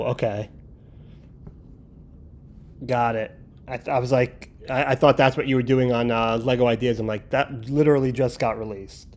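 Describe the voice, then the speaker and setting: A man's voice: mid-range voice, darkish tone. A man hosting a livestream, chatting casually and joking while he builds. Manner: rambling, joking, talks while handling pieces. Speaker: livestream host.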